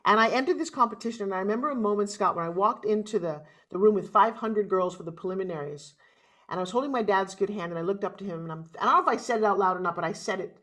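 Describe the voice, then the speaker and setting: A middle-aged woman from New York with a New York accent, telling her life story as an interview guest in a dramatic, animated way. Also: mid-range voice, quick pace.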